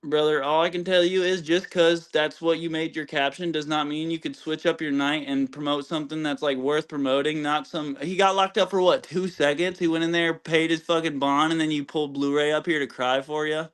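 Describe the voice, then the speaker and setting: Guy on a stream panel with a kinda high voice, earnest, keeps pushing his point, talks over people. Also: fairly even intonation, a little fast, hardly any pauses, a bit bright, clean tone. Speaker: panel guest. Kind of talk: casual argumentative panel talk.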